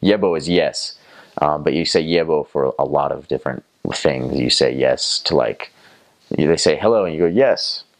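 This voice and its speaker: A young man from North Carolina with a Southern American accent. His voice sits very low, and he tells his story loosely, with plenty of fillers and false starts. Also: moderate pace. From North Carolina, USA. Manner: rambling, many fillers and restarts. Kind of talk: casual storytelling.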